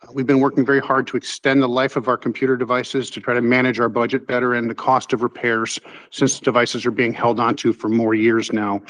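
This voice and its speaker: Guy at a town hall meeting going over a tech budget, middle voice, steady, says uh a lot. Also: mid-range voice, brisk. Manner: steady, formal delivery with frequent "uh" fillers. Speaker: school district technology administrator. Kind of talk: budget presentation at a board meeting.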